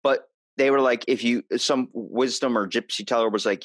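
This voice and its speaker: Podcast host, male, low-ish pitch, dry sound, loose rambling storyteller. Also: fairly even intonation, normal speed, few pauses, no echo. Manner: rambling storyteller, restarts and retells plots. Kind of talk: casual chat.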